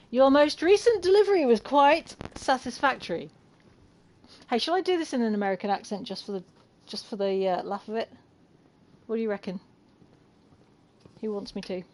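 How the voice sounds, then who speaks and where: Excitable British woman streaming a game. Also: medium pitch, moderate pace. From United Kingdom. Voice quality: excitable, laughs often, chatty with chat. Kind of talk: casual gameplay commentary. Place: home, with a cat climbing on her.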